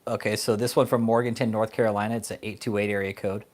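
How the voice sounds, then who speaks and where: A man's voice: on the low side, flat delivery, fast. Profane laughing male vlogger. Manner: profane, laughing often, rambling. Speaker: channel host. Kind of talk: casual vlog rant.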